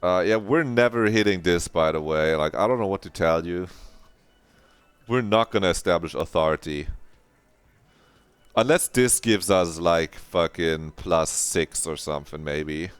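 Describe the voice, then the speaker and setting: A man's voice: sits low, measured pace, clear, resonant tone, no echo. A man streaming a video game, chatting playfully in a rambling, mock-dramatic way and swearing now and then. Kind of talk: casual live-stream commentary.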